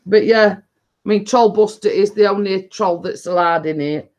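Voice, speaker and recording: A woman's voice: mid-range voice, normal speed, darkish tone. Northern english lady rambling on her live stream, laughs a lot. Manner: chatty, rambling, laughs often. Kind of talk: casual live-stream chat.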